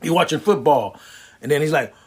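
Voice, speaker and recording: A man delivering a wisecracking, animated stand-up comedy monologue. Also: fairly high pitch, brisk, breathy edge. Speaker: comedian and prostate cancer survivor.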